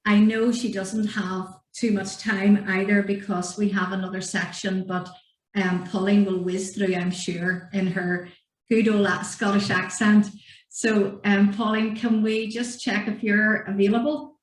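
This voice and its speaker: A woman hosts an online event, moving speakers along at a brisk pace. Her voice has a middle pitch. There is a roomy echo around her on the video call. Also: little pitch movement. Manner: brisk, warm thanks to guests. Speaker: event host. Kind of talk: hosting a virtual event.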